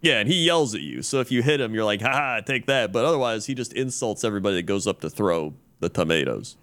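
A man's voice: fairly low pitch, big pitch swings, fast, a bit bright. A man co-hosting a podcast, telling a rambling story in casual chat full of fillers and restarts. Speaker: podcast co-host.

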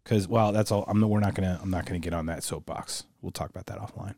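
A man's voice: low-pitched, steady tone, fast talker, gravelly, warm tone, no echo, studio quality. A man co-hosting a casual podcast chat, laughing often and slipping into silly voices. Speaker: podcast co-host.

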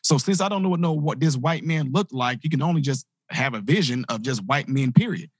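A man, a motivational speaker, telling a personal story in an animated way and acting out the voices of the people in it. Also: medium pitch, fairly quick, husky, no room sound, clean studio sound. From grew up in inner-city projects. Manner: animated, acts out quoted voices. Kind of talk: storytelling talk.

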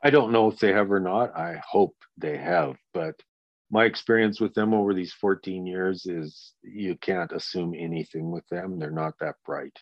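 A man's voice: sits low, normal speed, dry recording, dull audio. A man in his sixties, a grieving father giving a blunt, profane interview and acting out the people he quotes. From Canada. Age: 60s. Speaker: guest, victim's father. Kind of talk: candid interview.

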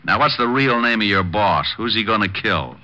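A wisecracking private eye. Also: male voice, on the low side, animated, normal speed, bright, forceful tone. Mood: wry. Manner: wisecracking, breezy. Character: wisecracking male private detective. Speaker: private detective. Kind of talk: 1940s radio acting. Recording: muffled old radio broadcast.

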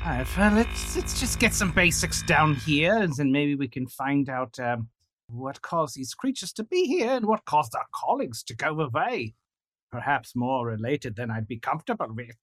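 A man's voice: a little high, very animated, moderate pace, fairly bright tone, dry recording, faint music behind. A man playing a tabletop role-playing game, wry, dropping to a mutter for his asides. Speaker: player.

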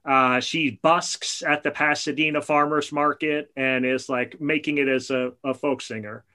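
A man's voice: a little high, steady tone, unhurried, sharp tone. A man co-hosting a podcast, chatting casually and telling enthusiastic stories. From New Jersey area. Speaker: podcast co-host. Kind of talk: casual chat.

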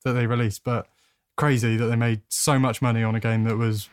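A man's voice: medium pitch, level tone, brisk, clean tone. Chatty, teasing man in a podcast chat. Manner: chatty, teasing, laughs at his own jokes. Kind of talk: casual chat.

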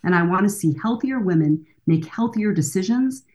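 A woman's voice: mid-range voice, expressive, normal speed, warm tone. A woman in her sixties, a counselor and author, speaking earnestly and emphatically as a guest in a podcast interview. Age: 60s.

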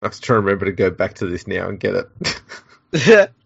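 A man's voice: low-pitched, big pitch swings, brisk, creaky, slightly rough, no room sound, muffled recording. An Australian man co-hosting a podcast, bantering dryly and sarcastically, often laughing. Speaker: podcast co-host. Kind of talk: casual banter.

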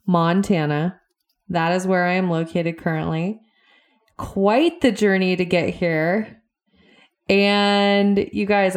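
Slow-talking, chatty woman podcast host. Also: fairly low pitch. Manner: chatty, upbeat, addresses listeners directly. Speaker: podcast host and relationship coach. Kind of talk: casual podcast monologue.

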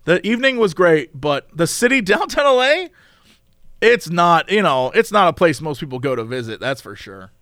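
A man telling a story in casual chat, animated and exasperated, swearing now and then. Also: a little high, normal speed, no echo, clean studio sound. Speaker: podcast host telling a story.

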